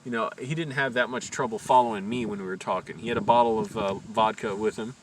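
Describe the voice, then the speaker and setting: A man's voice: lowish voice, fairly even intonation, fast. A man from Virginia telling a long rambling story in a casual, amused, self-correcting way. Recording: distant mic with loud background noise.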